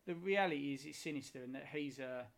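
A man co-hosting a podcast chats about films, enthusiastic and rambling, swearing casually as he goes. His voice is a little high and gravelly, and he talks fast.

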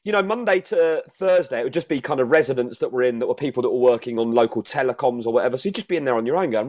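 A middle-aged man telling rambling, casually sweary anecdotes in a relaxed chat. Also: mid-range voice, fast talker, few pauses. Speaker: podcast guest.

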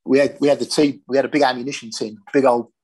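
A man's voice: mid-range voice, steady tone, quick pace, a little mellow, husky. An older man from Britain, a former police firearms officer, telling his story in a plain-spoken, matter-of-fact interview.

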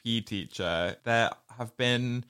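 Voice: medium pitch, slow, smooth. A podcast co-host chatting casually about a film, gushing and acting out scenes as they retell them. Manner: animated, gushing storyteller who acts out scenes. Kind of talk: casual film review chat.

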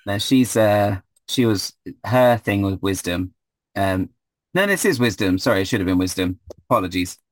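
A man's voice: fairly low pitch, expressive, moderate pace, no room sound. A man running a tabletop game as game master, hesitant with many fillers.

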